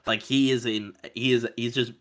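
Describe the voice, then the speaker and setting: A man hosting a casual film podcast, animated and swearing freely as he talks. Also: mid-range voice, moderate pace, no echo. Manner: animated, swears freely, restarts mid-sentence. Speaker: podcast host.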